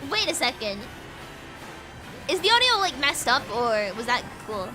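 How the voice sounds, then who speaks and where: A British VTuber streams a racing game over game music, chatting casually with viewers in a bubbly, giggly, rambling way full of fillers. Her voice is high with big pitch swings, and she speaks unhurriedly.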